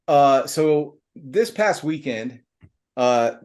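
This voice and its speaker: A man's voice: a little high, expressive, extremely slow, a little mellow. A middle-aged man hosting a podcast, chatting casually and telling a rambling story full of fillers and slang. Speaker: podcast host.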